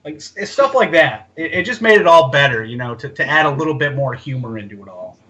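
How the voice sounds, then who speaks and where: A man's voice: fairly high pitch, expressive, fast talker, pushed and bright, lo-fi sound. A man co-hosting a casual podcast chat, sharing rambling, thoughtful opinions. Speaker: podcast co-host.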